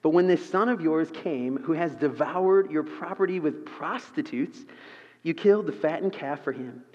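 A man preaching a sermon to a congregation, lively and acting out the characters in the story he reads. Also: fairly high pitch, normal speed. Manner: animated, acts out the story's characters. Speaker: pastor. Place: church auditorium. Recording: muffled sound with a long hall reverb.

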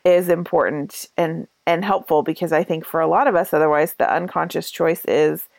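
Low, gravelly woman co-hosting. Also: steady tone, normal speed, hardly any pauses, darkish tone, dry recording. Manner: supportive, frequent listening affirmations. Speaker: podcast co-host. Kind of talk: casual conversational chat.

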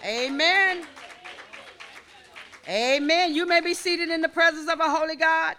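A woman's voice: very high voice, level tone, fast talker, pushed and bright, a faint crowd. A woman pastor preaching a sermon, praying aloud and then teaching with call-and-response to the congregation.

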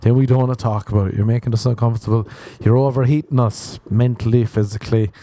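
Young male podcaster, warm mid-range voice, loose rambling crude comedy delivery with frequent chuckles. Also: medium pitch, steady tone, fast, no echo. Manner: crude, meandering, chuckles at own jokes. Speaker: podcast host.

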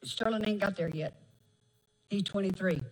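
A middle-aged woman preacher, delivering a folksy, emphatic sermon with drawn-out phrases and laughter. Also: medium pitch, poor audio.

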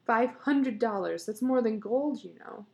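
A woman reading a story plays a middle-aged beekeeper, pleased with himself and endlessly patient. He coaxes and boasts in a warm, low tone with a touch of rasp, the kind of voice you hear in a storybook read aloud. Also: expressive, unhurried. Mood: boastful. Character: male beekeeper husband, proud and teasing.

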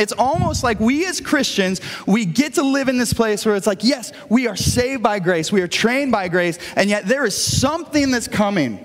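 A man's voice: high voice, expressive, moderate pace, few pauses. A male pastor preaching a sermon in a church, talking in an earnest, conversational way as he tells stories. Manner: earnest, conversational storytelling with frequent restarts. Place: church sanctuary. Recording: long reverb of a church hall.

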